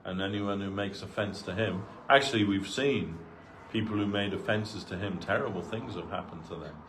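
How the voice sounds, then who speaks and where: Guy giving a sermon like a casual chat, lower voice, lots of "you know"s. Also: normal speed, fairly bright tone, a little hiss or hum. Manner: conversational, full of asides, acts out quoted voices. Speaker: devotee giving a talk. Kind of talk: sermon told as personal anecdotes. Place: temple hall.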